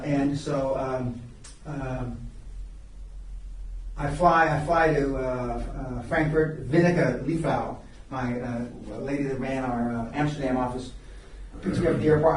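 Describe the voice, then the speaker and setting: A man's voice: medium pitch, fairly even intonation, moderate pace, a little hiss or hum. An older man telling stories at a live seminar, blunt and profane, often stopping to restart his sentences. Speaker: seminar speaker. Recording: very echoey room, recorded from far off.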